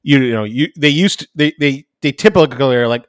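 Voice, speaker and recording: The clean, roomless studio recording catches a man in his thirties, co-hosting a podcast, chatting casually about his family and voicing his kids. His voice is mid-range and smooth, moving a little fast.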